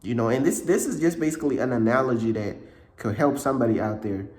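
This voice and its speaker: A man giving a casual motivational talk, repeating himself often, with a slightly cracking voice and frequent throat clearing. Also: mid-range voice, fast, a little mellow, echoey room. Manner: repetitive, conversational, frequent "bruh" and "you know what I'm saying". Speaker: motivational speaker.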